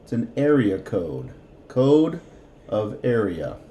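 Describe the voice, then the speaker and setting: A man's voice: on the low side, big pitch swings, slow pace, dark tone, reverberant. A man teaching a language lesson, patiently repeating each word for practice. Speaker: Spanish teacher.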